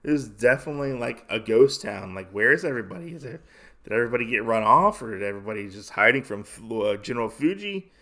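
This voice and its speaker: A stern rabbit samurai speaks in short, determined demands, voiced by a man. The tone is gravelly and close to an everyday voice. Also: mid-range voice, expressive, quick pace, bright, forceful tone. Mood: puzzled. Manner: terse, determined.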